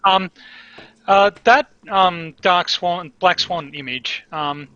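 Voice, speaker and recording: Bright-voiced, hesitant man. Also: sits high, slow pace, no echo, highs cut off. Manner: apologetic, hesitant. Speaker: panel guest. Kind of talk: casual panel chat.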